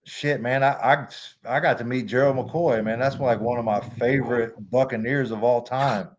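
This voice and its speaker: A man's voice: medium pitch, fairly even intonation, normal speed, highs cut off, a little hiss or hum. Give me a laid-back man telling a rambling story. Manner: laid-back, rambling, lots of "you know what I mean". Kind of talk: casual storytelling. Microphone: remote call mic.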